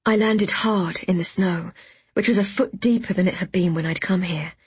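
A woman reading a first-person story aloud in a soft, hushed, often half-whispered way, with a breathy voice. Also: lowish voice, moderate pace, no room sound. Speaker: audiobook narrator. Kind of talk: first-person scripted narration.

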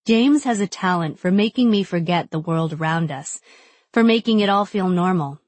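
A woman's voice: lowish voice, normal speed, a little mellow, dry recording. A young adult woman giving intimate, reflective first-person audiobook narration.

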